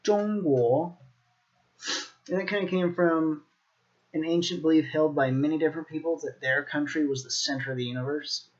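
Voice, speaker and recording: An American man teaching a language lesson on video, in a relaxed manner, repeating words slowly for learners. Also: on the high side, muffled recording. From United States.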